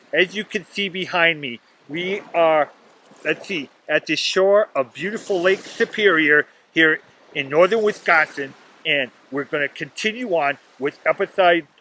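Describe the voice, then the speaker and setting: A high, bright male voice talks straight into a laptop mic outside on a lakeshore beach. He rambles, chatty and informal, like a home video diary. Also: a little hiss or hum, low-quality recording. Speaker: vlogger. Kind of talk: casual outdoor video diary. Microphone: laptop webcam.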